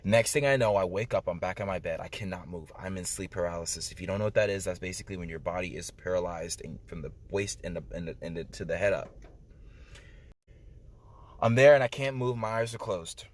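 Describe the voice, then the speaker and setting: A man's voice: low-pitched, fairly quick. A man urgently telling a personal testimony to the camera, emphatic, with many fillers and direct appeals to the listener. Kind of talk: emotional first-person storytelling.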